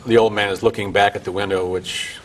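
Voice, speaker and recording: A man with a very deep voice conducts a conversational interview, prompting and agreeing with his guest. Faint noise hums under the recording. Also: level tone, fast, low-quality recording.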